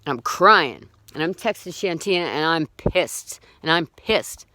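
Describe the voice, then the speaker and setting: This woman's voice sits low yet sounds pushed and bright, animated but slow, as she tells a personal account without a script. Blunt, profane and indignant, she keeps restarting sentences, and the recording has no echo.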